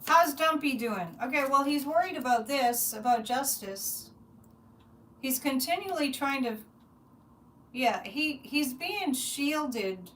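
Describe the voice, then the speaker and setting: A high-voiced woman talks animatedly to her viewers on a casual psychic livestream. She rambles, restarts her sentences and gets worked up. The mic sits a little distant from her. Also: lively intonation, slow pace, fairly bright tone, a little hiss or hum. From United States.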